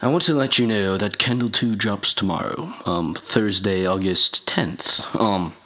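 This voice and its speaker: A man in a comedy skit, making a mock-solemn announcement as a self-serious rapper, halting and rambling with many fillers and restarts. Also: fairly low pitch, pushed and bright.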